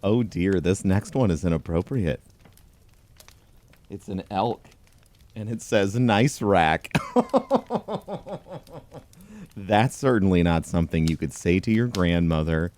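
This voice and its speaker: A man reading a pun book aloud in a dry, deadpan comedic tone, chuckling along. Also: low-pitched, measured pace. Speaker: comedy host.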